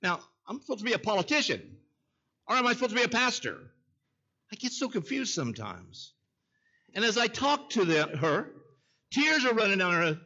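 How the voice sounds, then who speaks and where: A man's voice: sits high, big pitch swings, moderate pace, pushed and bright, dull audio. A man preaching a sermon in a folksy way, telling a story and calling out to the congregation. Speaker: pastor.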